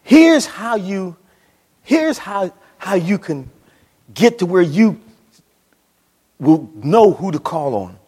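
A man preaches in a church, his husky voice pitched high and leaping all over the place. He drops to a near whisper, then climbs to a shout. The sound carries a long hall reverb. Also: very animated, slow, pauses often. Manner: dramatic, swings between hushed and shouting. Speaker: pastor. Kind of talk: sermon.

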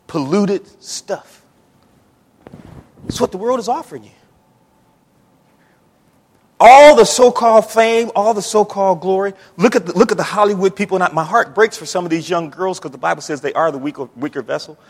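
A middle-aged man preaching a sermon in a church, emphatic and repetitive, building up to shouting. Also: high-pitched, normal speed, pauses often. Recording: long church reverb.

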